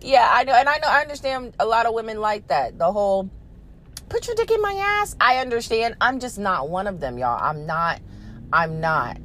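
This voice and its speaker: A mid-range female voice at a moderate pace, with slight background noise, belongs to a podcast host telling a story. She's animated, swears freely, speaks bluntly and casually, laughs frequently, and calls her listeners "y'all."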